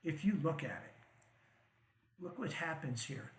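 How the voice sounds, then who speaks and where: A man hosts a stock market show, walking through charts conversationally in an animated, unhurried, fairly high voice. He frequently checks in with "right?" and "okay?" and chuckles wryly, in a roomy, low-quality recording.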